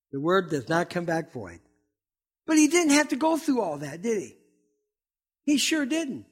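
Fiery high-voiced preaching man. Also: big pitch swings, a little slow, fairly bright tone. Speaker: pastor. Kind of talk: sermon.

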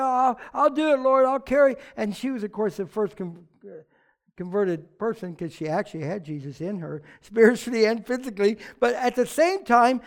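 A preacher from the United States giving a sermon, conversational and animated, with jokes and asides. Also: medium pitch. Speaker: pastor.

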